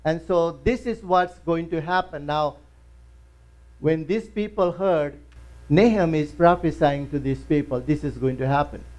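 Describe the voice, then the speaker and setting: Man, pastor, high voice, church sermon, storytelling, emphatic. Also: unhurried, a little mellow. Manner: storytelling with acted quotes, emphatic rises in pitch and volume.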